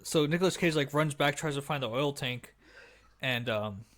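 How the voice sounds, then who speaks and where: A man's voice: medium pitch, normal speed, a bit bright. Young guy rambling through a movie recap on a podcast, lots of "like" and "uh," does little voices for the lines. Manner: rambling, full of fillers, acts out movie lines in a raised voice. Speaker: podcast co-host. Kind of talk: casual chat recapping a movie.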